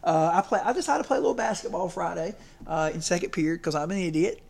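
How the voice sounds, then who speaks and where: A man's voice: sits high, lively intonation, fast, vocal fry, a little mellow. A man giving a casual, folksy sermon as a preacher and coach, rambling and checking in with his listeners.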